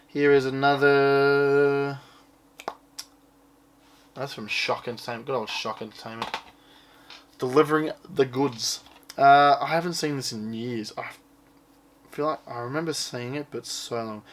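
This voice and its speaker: A man talks through his haul in a loose, rambling way, offhand and now and then swearing. His voice sits at an ordinary middle pitch, with a faint hum of room ambience behind him. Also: a little slow, pauses often, fairly bright tone. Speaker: collector showing his purchases. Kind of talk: casual unboxing chat.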